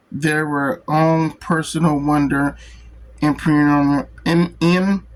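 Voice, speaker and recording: In this low-quality recording, a man with a fairly high-pitched voice reads a comic book's text aloud as part of a review. His delivery is slow and halting, with stumbles and restarts on words.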